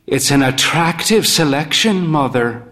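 A man's voice: a little high, expressive, unhurried, a bit bright. A man voicing a fey, thin, aging man who talks in a playful, crooning way. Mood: whimsical.

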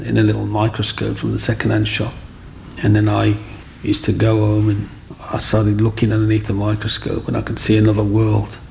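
Gravelly middle-aged man. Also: fairly low pitch, slight background noise. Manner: chatty, animated, acts out voices in anecdotes. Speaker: interviewee. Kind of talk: personal storytelling.

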